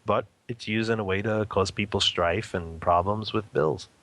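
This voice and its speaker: With a fairly bright voice on the low side and a moderate pace, a man shares casual teaching as an interview guest. He's a father who practices meditation at home, talking about family life and spiritual practice. Along the way he chuckles often and checks in with "okay?" and "you know."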